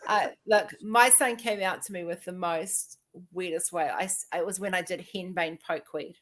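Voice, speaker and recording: A woman in her fifties with a slightly low voice tells personal stories in a chatty, animated way, slipping into the voices of the people she quotes. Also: moderate pace. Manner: chatty, animated storytelling, acting out quoted dialogue. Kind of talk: casual personal conversation.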